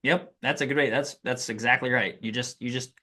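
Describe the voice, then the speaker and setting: A man with a mid-range voice talks as a podcast guest, explaining things energetically and casually. He piles up examples and rough fillers as he goes. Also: medium pitch, fairly even intonation, a little fast, pushed and bright. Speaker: podcast guest, business AI consultant. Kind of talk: casual interview chat.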